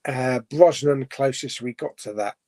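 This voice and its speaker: A man's voice: mid-range voice, a little slow, dark tone. A man hosting a casual live stream chat, reading out viewer comments and rambling chattily with frequent self-corrections and laughs.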